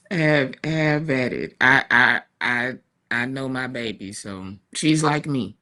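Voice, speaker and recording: Woman, 40s, talk show chat, slow and bright, laughs through her stories. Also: rumbling low. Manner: chatty, warm storytelling with laughs and asides. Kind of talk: casual chat. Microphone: streaming studio mic.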